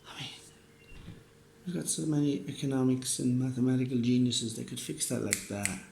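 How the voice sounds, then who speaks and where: A man's voice: mid-range voice, fairly even intonation, normal speed, creaky, warm tone. A man rambling through a profane, earnest casual monologue, a bit drunk, with restarts and laughs. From Ireland. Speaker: podcast host. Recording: roomy echo, faint background noise.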